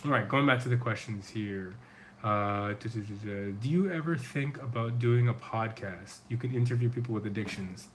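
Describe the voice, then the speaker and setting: With a fairly low voice at a moderate pace, a middle-aged men's coach answers viewers' questions on his casual livestream despite a sore throat. He's earnest and rambling, full of fillers, and there's slight hiss or hum.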